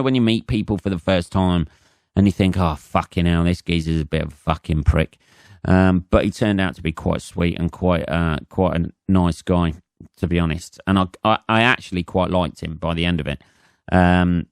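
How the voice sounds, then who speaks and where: A man's voice: sits low, clean tone, dry recording, studio quality. A man in his forties with an English accent, a comedian hosting his own podcast in a rambling, profane monologue full of fillers and restarts.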